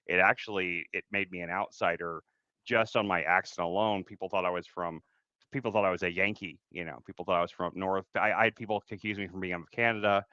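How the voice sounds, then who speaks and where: A man's voice: low-pitched, fairly even intonation, quick pace, pushed and bright, no room sound, muffled recording. A man with a Cajun accent, telling stories and joking in casual chat on a live panel. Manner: joking, rambling storyteller. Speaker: panel guest.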